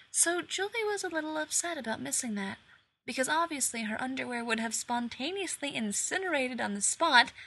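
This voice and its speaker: A woman reads a story aloud, putting on voices for each character. Her tone is bright and forceful, with a husky, breathy grain running through it. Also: mid-range voice. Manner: expressive, voicing each character. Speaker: reader. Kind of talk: story reading.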